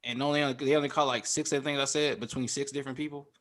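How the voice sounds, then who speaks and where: A man with an Atlanta accent, co-hosting a casual livestream chat. He talks quickly, and his voice is bright and forceful, loud and full of profanity. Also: medium pitch. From Atlanta, USA. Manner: loud, profane, animated storytelling. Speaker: co-host.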